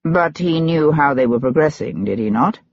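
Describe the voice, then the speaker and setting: A narrator voicing a calm, measured gentleman investigator asking pointed questions. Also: on the high side, dry recording, highs cut off. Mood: probing.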